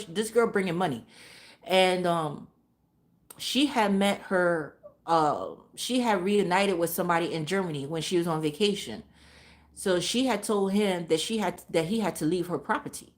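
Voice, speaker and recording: Blunt, profane New woman ranting. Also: lowish voice. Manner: blunt, profane, animated storytelling. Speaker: vlogger. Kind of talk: casual storytelling rant.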